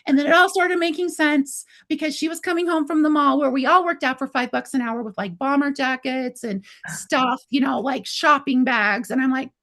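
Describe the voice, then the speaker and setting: High-voiced woman telling a lively story. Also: normal speed, hardly any pauses. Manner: animated, acts out quoted dialogue with lots of "I was like". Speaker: guest telling her story. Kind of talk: casual storytelling.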